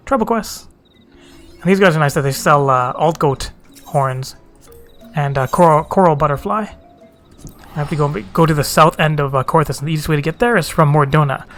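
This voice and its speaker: A man hosting a let's play, muttering casual commentary about quests and inventory to himself. His voice sits a bit high, and game music plays faintly underneath. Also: a bit bright.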